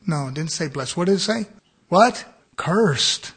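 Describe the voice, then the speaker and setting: A man preaching a fiery sermon in a high, bright voice. He drops to quiet murmurs, then climbs into ringing shouts. His tone stays sharp and insistent throughout. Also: animated, measured pace. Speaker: pastor.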